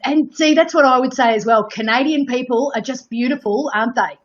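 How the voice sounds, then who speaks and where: A woman's voice: high-pitched, brisk, highs cut off. A woman co-hosting an online cooking chat, upbeat and reading out viewer questions. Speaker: co-host of online cooking class. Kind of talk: casual interview hosting.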